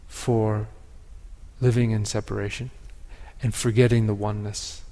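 A man giving a sermon as pastor, speaking in a reflective, measured way with pauses and restarts. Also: on the low side, little pitch movement, darkish tone. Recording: long hall reverb.

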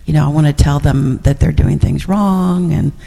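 A woman's voice: deep voice, moderate pace, vocal fry, dark tone, big-room sound. A middle-aged woman sharing reflections in a class, rambling with many fillers and restarts. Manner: rambling, full of fillers and restarts, laughs often. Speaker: class participant.

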